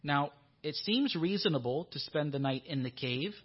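A man's voice: fairly high pitch, animated, normal speed, breathy edge, dull audio. A man preaching a sermon in a church, earnest and given to repeating his questions for emphasis.

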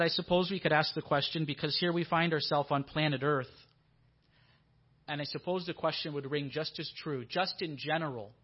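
A man preaching a sermon in a church, with a fairly high voice. He sounds earnest and often repeats his questions for emphasis. The audio is dull and lo-fi. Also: husky.

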